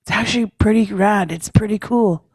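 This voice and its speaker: A woman's voice: mid-range voice, moderate pace, a little mellow, slightly rough, dry recording. A woman telling personal stories at a leaders' meeting, chatty and self-mocking, tagging her lines with a questioning "eh?" and laughing often. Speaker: speaker at a leaders' caucus. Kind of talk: personal storytelling talk.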